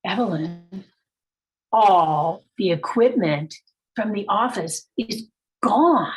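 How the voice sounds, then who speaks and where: A woman voicing a hurried young father giving quick urgent instructions. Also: mid-range voice, lively intonation, poor audio.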